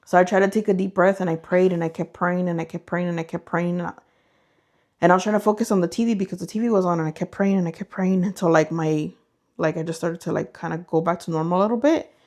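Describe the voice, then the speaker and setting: This podcast co-host speaks quickly in a lowish voice. Relaxed and lively, she shares ghost stories and performs the characters' voices and sound effects herself.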